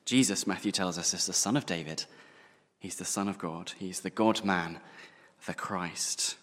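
A man preaching a sermon, slowing down and pausing to stress key words. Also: low-pitched, fairly even intonation, a bit bright, long reverb tail.

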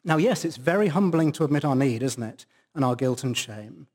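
A man's voice: medium pitch, expressive, a little fast, a little mellow. A man preaching a sermon at a church service, stressing key words for emphasis.

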